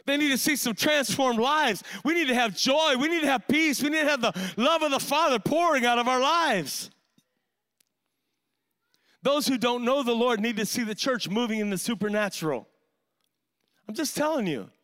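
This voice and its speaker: Male preacher, high bright voice, fiery sermon delivery, keeps saying "man". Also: normal speed. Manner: impassioned, storytelling with frequent "man" fillers. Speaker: pastor.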